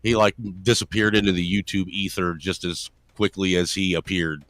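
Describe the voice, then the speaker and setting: Deep-voiced blunt man, swearing. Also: steady tone, moderate pace, fairly bright tone, dry recording. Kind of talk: crude voice-chat banter.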